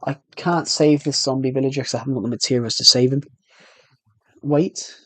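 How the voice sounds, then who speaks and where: Talking fairly quickly in a mid-range voice with fairly even intonation, a man with a British accent chats easily with his stream audience during gameplay, rambling and muttering to himself. There's no echo on the recording.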